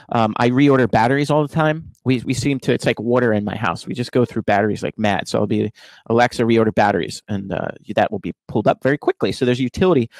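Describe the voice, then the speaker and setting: A man's voice: medium pitch, dry recording, low-quality recording. A man giving a casual, explanatory tech talk from his home office, with frequent fillers and restarts. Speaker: conference speaker.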